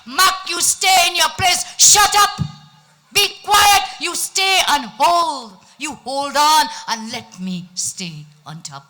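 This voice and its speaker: A woman's voice: high voice, expressive, slow, full character voice. A woman with a Trinidadian accent voicing a boastful, bossy male turtle king who barks orders. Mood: commanding. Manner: commanding, shouts orders.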